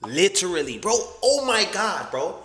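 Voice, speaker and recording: A young man tells a story as a podcast host, loud and profane, acting out each person in turn. His voice sits high and comes out sharp and forceful. It rings with a long reverb, as if in a big room. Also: big pitch swings, moderate pace. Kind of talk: animated storytelling rant.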